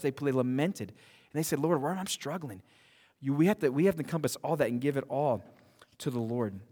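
A man preaching a sermon as pastor, animated, often restarting and repeating words, laughing now and then at his own stories. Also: fairly high pitch. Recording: long hall reverb.

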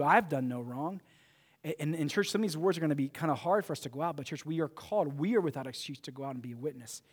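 A man's voice: on the high side, big-room sound. A man preaching a sermon as pastor, emphatic and often restarting his phrases.

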